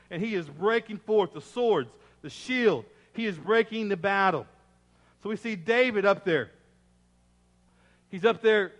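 A pastor preaching a sermon, telling the story in an emphatic, dramatic way with lots of repetition. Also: male voice, sits high, fairly bright tone. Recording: echoey hall.

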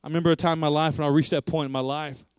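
A man's voice: a little high, flat delivery, very fast, clear, resonant tone, no room sound. A man preaching a sermon, emphatic and repetitive, asking rhetorical questions.

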